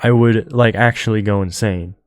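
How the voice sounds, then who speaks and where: Young male podcast host, low monotone delivery, rambling and full of fillers, dry close-mic sound. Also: normal speed, smooth, dry recording. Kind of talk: solo podcast monologue.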